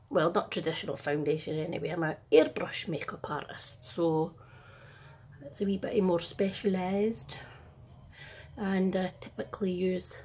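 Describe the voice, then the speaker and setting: A middle-aged Scottish woman and makeup artist chatting casually through a makeup tutorial at home, in a soft, half-whispered, self-deprecating way. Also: mid-range voice, gravelly, husky.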